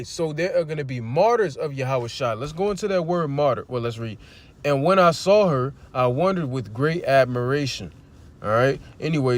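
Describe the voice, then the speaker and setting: A man preaching informally on a livestream near a street. He reads scripture aloud, asks his listeners rhetorical questions and swears bluntly as he drives his points home. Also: on the high side. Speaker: preacher streaming a scripture teaching.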